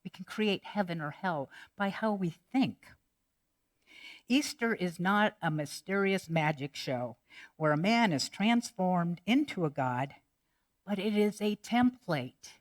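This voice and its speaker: A woman pastor preaching a sermon in a lowish, unhurried voice. She speaks in measured, reflective phrases. She slips easily into playful joke-telling.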